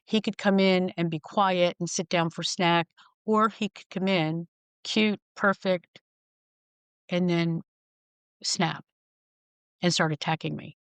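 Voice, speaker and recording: A woman's voice: lowish voice, fairly even intonation, slow pace, pauses often, clear, resonant tone, dry recording. A middle-aged woman speaking frankly as a podcast guest, telling wry stories and acting out the people in them. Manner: frank, wry, acts out quoted voices. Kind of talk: candid storytelling conversation.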